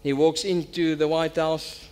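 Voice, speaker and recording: A man's voice: a little high, little pitch movement, measured pace, darkish tone. A man, a pastor preaching a sermon and telling a story that builds to emphatic appeals.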